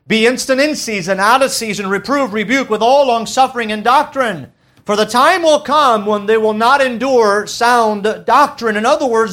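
A pastor delivering a Sunday sermon, a man who reads scripture aloud and then explains it to his church. He leans on important words, slowing down and letting his voice drop low. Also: a bit bright. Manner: preaches with slow emphatic phrasing, dropping low on key words; reads scripture in King James wording.

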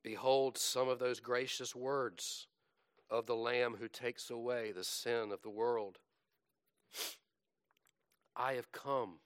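Slow, dramatic male preacher. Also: mid-range voice, steady tone, fairly bright tone, clear, resonant tone, no echo, clean studio sound. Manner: slow, dramatic recitation that swells and drops. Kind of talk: sermon reciting scripture.

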